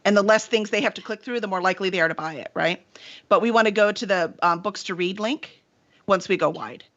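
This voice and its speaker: A chatty woman hosts a casual live stream, rambling through long thoughts with "um"s and "right?"s. Her voice sits at an ordinary middle pitch, and the audio comes through dull and lo-fi. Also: fairly quick, fairly bright tone. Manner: chatty, talks in long run-on thoughts with many fillers. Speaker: publisher and show host.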